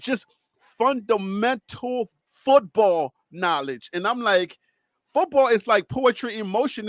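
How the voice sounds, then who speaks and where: A man hosting a casual sports reaction talk, animated and excitable, laughing often. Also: very high voice, no echo, studio quality. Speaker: host.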